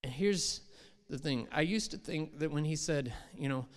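A middle-aged man preaches in a fairly high voice, chatting with the congregation and then lifting into emphatic quoted lines. His sermon rings with the long reverb of a large hall. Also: moderate pace. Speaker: pastor.

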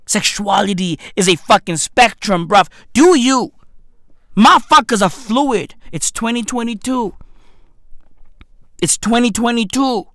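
A man in a rambling, profane rant who keeps asking "right?" and swings between loud outbursts and low mutters. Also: unhurried, dry recording, studio quality.

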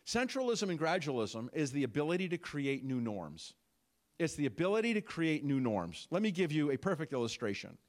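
A man preaching a sermon, animated, with frequent rhetorical questions and asides to the congregation. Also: a little high, brisk. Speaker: pastor.

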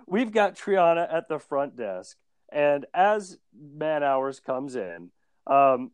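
A man's voice: medium pitch, smooth, dry recording. A man co-hosting a casual podcast chat, recapping a cartoon episode and joking and laughing often. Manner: jokey, laughs often, animated. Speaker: podcast co-host.

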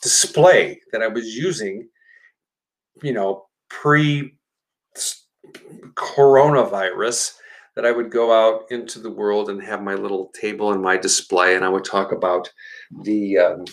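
A man's voice: lowish voice, fairly even intonation, unhurried, low-quality recording. Man, live-stream host, casual rambling chat, talks straight to viewers.

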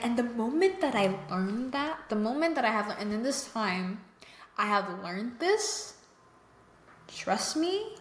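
A woman's voice: on the high side, slight background noise. A young adult woman hosting a faith-based mental health podcast, talking emphatically and earnestly and often checking in with the listener. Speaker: podcast host. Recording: echoey room.

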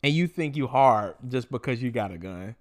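A young man hosting a solo podcast, ranting in a profane, animated way and mocking people in quoted voices. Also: medium pitch, moderate pace. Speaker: podcast host.

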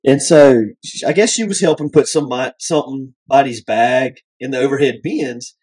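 A man's voice: medium pitch, moderate pace, darkish tone, slightly rough. A man co-hosting a podcast who tells a story in a hesitant, giggly way. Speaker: podcast co-host. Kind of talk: casual storytelling.

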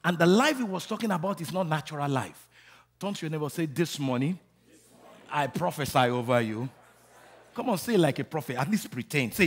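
A man preaching a sermon, calling on the congregation to repeat after him and building to shouts. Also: on the high side, lively intonation, fairly quick. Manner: rising to shouting, call-and-response. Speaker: pastor.

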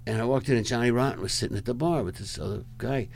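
Older man with a gravelly voice telling stories. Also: mid-range voice, fast talker, a little mellow, a little hiss or hum. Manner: rambling, chuckling, acts out other people's lines. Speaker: rock photographer, interview guest. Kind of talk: anecdotal storytelling in a conversation.

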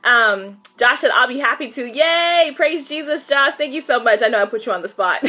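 A woman's voice: fairly high pitch, lively intonation, a little fast, pushed and bright. A woman hosting a live online Bible study. She greets viewers by name, prays and reads scripture in an upbeat, casual way, and laughs easily. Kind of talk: casual livestream devotional with prayer and scripture reading.

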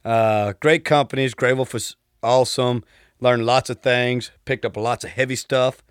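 A man's voice: mid-range voice, steady tone, measured pace, smooth, no echo, studio quality. A man in his thirties from Texas with a Southern accent, telling stories as a podcast guest in an easygoing, polite way. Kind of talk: casual storytelling.

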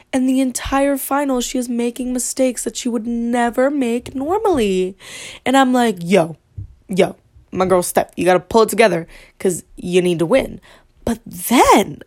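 Rambling, excitable young woman vlogger. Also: medium pitch. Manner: excitable, rambling, self-interrupting, swears casually. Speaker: vlogger reviewing a TV show. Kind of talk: casual rambling monologue.

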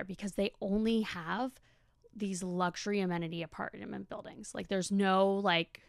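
A woman's voice: medium pitch, steady tone, normal speed, vocal fry, dry recording, studio quality. A young woman hosting a podcast, telling a story in a chatty, casual way with lots of fillers and swearing. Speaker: podcast host. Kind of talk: casual monologue.

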